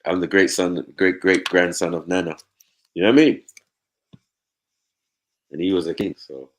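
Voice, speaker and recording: A man's voice: low-pitched, steady tone, moderate pace, a little hiss or hum. A young man of Nigerian background, chatting loosely, swearing freely and slipping into mimicked voices. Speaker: panel host. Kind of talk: casual chat.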